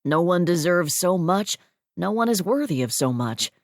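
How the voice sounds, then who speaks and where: A woman narrator puts on a wealthy, self-assured man who teases with dry, needling banter. The voice sits somewhat low. The sound is close and dry. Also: very animated, moderate pace, no echo. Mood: teasing. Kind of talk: audiobook character voice.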